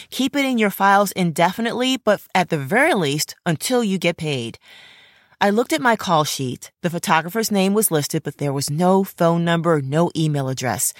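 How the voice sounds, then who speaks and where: A woman with a somewhat low voice narrates her own story into a close mic. Her telling is earnest and indignant, and she often turns to address fellow actors directly. The sound is dry and close, with no room around it. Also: no room sound. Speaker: podcast host and actor. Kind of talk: first-person storytelling narration. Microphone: close studio mic.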